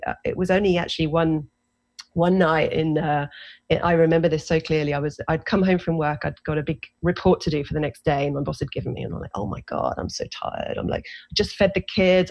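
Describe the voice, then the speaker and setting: A woman in her forties with an English accent, telling her own story as a guest in a casual interview, animated and self-deprecating. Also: fairly low pitch. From England. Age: 40s. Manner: animated, self-deprecating, lots of fillers and restarts.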